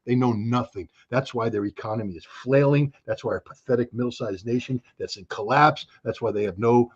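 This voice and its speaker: A man in his sixties giving an interview, with an animated, sarcastic delivery and frequent restarts. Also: mid-range voice, fairly quick, few pauses, husky. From United States. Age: 60s. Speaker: interview guest. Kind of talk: opinionated interview talk. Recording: dull lo-fi recording.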